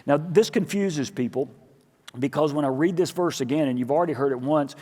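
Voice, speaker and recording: Pastor guy preaching, kinda high voice, tells stories doing all the voices, big church echo. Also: fairly quick. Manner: animated storytelling, acting out dialogue in his own voice. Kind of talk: sermon. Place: church sanctuary. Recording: church hall with long reverb.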